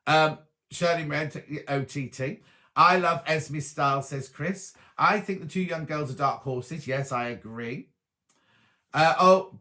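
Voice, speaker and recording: A bright, pushed voice on the high side belongs to this live-stream host. He chats casually, reading comments from viewers and replying to each one.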